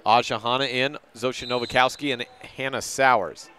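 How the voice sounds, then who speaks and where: A man calling a high school girls' basketball game as play-by-play announcer on local radio, brisk, and correcting himself on names now and then. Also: fairly even intonation, sharp tone.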